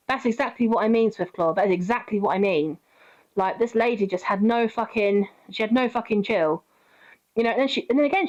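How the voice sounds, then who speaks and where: A woman's voice: medium pitch, lo-fi sound. A woman streaming a game, telling a story in casual chat, swearing freely and answering her chat.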